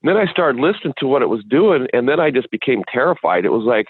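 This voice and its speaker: A man's voice: medium pitch, very animated, slightly rough, dry recording. Man telling stories over a tinny phone line. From Washington State, USA. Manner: rambling, halting, with frequent restarts. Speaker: interview guest. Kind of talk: casual storytelling interview.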